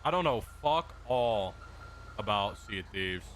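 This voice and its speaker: A man's voice: fairly low pitch, expressive, unhurried, a bit bright, a little hiss or hum. A man joking and teasing in casual in-character role-play.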